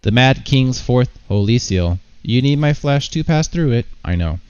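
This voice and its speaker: A man voicing an ancient bodiless being, speaking slowly, haughty and cryptic. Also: medium pitch, expressive, a little mellow, smooth, dry recording, highs cut off, pitched above the performer's own voice, natural voice.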